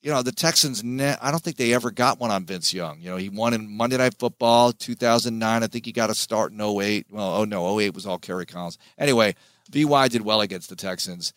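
A man, a sports play-by-play announcer, giving an animated, emphatic interview as a podcast guest. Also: on the low side, fairly quick, dry recording.

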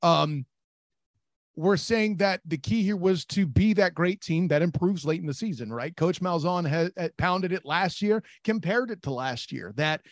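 Man, sports podcast host, casual chat, rambling, high voice. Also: unhurried, dry recording, studio quality. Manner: rambling, repeats words, laughs easily.

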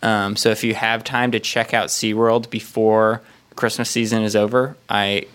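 A man's voice: fairly low pitch, flat delivery, normal speed, fairly bright tone, clean tone. Hesitant man recommending with many ums. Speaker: podcast co-host. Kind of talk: casual chat.

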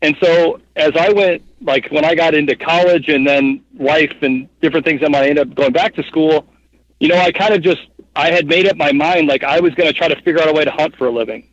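A man in his thirties telling a long story as a guest in an interview, rambling and animated, with lots of fillers. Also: a little high, brisk, no echo, highs cut off. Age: 30s. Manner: rambling, animated, heavy with fillers like "like" and "you know what I mean". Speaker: guest, hunting guide and cameraman.

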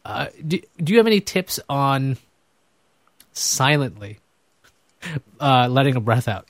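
A man's voice: mid-range voice, animated, measured pace, no room sound. A man hosting a podcast, talking candidly and with self-deprecating humor in casual conversation. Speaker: podcast host.

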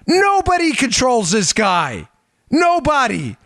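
A man hosting a political talk show, animated and emphatic, sarcastic and quick to laugh. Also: very high-pitched, no room sound, studio quality. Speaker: host.

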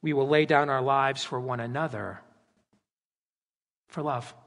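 A man preaching a sermon at his church, animated and dramatizing scripture with character voices. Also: mid-range voice, normal speed, gravelly. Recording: long hall reverb.

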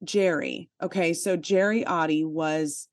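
A woman's voice: low voice, unhurried, no room sound, clean studio sound. A woman co-hosting a podcast, telling a personal story in casual chat, with chatty "like" fillers and emphatic asides. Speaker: podcast co-host.

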